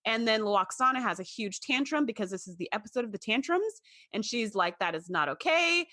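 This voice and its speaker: A woman's voice: a little high, lively intonation, a little fast, bright, forceful tone, no room sound, clean studio sound. A woman co-hosting a podcast in casual chat, retelling scenes and acting out the lines in quoted voices. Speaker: podcast co-host.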